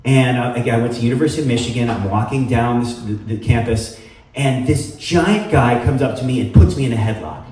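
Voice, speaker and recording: A man's voice: medium pitch, brisk, a little mellow, distant mic. Middle-aged man telling a story in an echoey hall. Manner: rambling, filler-heavy, self-deprecating humor. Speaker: storytelling show host. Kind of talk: live personal storytelling. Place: live venue with audience. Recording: echoey room heard from afar, faint noise.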